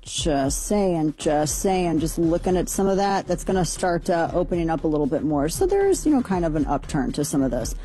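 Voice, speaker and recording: A woman hosts a talk radio segment and wanders chattily through the day's stories. She pauses, restarts and fills gaps as she goes. Her voice sits a little low and sounds mellow. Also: very animated, faint music behind. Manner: rambling and chatty, with many fillers. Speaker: radio talk show host. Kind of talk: casual news chat on talk radio.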